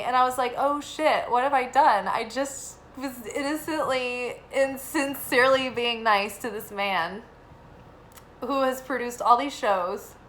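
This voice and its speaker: Bright-voiced chatty young woman. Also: fairly high pitch, a little hiss or hum, low-quality recording. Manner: rambling, filler-heavy, animated when quoting. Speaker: tarot reader. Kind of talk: casual spoken reading and storytelling.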